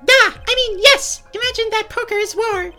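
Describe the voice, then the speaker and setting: A smug courtroom prosecutor from a video game, done by a player in a put-on voice, squeaking very high with a bright, sharp tone. The delivery is pompous and lecturing. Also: normal speed, faint music behind, heavily acted.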